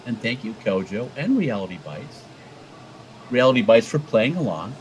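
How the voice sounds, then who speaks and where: A man's voice: medium pitch, sing-song, normal speed, slight background noise, rough recording. A man co-hosting a casual livestream chat, rambling and swearing and stumbling over repeated words. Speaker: co-host.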